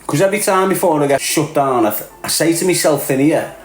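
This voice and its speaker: A man's voice: a little high, fast talker. Mocking Scouse man in a roomy echo. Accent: Scouse (Liverpool). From Liverpool area, England. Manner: mocking, streetwise banter, frequent laughter, calls everyone "lad". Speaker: livestream host. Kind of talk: casual livestream rant. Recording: roomy echo with faint music.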